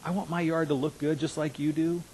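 A man in his fifties preaching a sermon as a pastor, earnest, dropping to hushed asides and rising to emphatic declarations. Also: fairly high pitch, level tone, brisk, a little hiss or hum, rough recording. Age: 50s.

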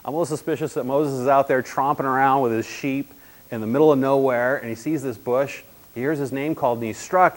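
A man preaching a sermon in an animated, emphatic way, shifting between loud bursts and hushed asides. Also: mid-range voice, fast talker.

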